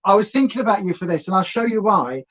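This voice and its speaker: A woman's voice: medium pitch, animated, fast talker, a bit bright, muffled recording. A woman co-hosting a home live stream, chatting casually and greeting viewers by name. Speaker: co-host of a weigh-in live stream.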